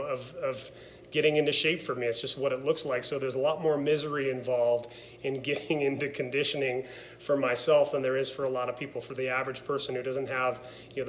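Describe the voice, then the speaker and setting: A man's voice: mid-range voice, fairly bright tone, a little hiss or hum, rough recording. A middle-aged man, a former wrestler and gym owner, speaking candidly in a personal vlog, earnest and rambling with many fillers and restarts.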